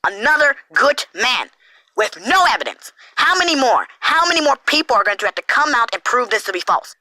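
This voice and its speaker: Fast-ranting man with a high, bright voice. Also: no room sound, rough recording. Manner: heated, profane, sarcastic. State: angry. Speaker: online commentator. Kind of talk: angry rant.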